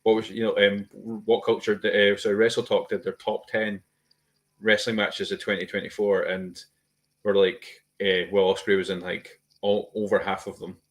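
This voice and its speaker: A man's voice: fairly low pitch, little pitch movement, normal speed. A man co-hosting a podcast, rambling and swearing in casual chat, laughing often. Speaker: podcast co-host.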